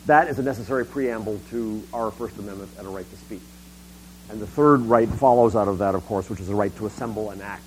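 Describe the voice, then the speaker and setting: A man's voice: on the low side, darkish tone, slight background noise, rough recording. A middle-aged man gives a public talk on internet policy. He speaks emphatically, often restarting and repeating words.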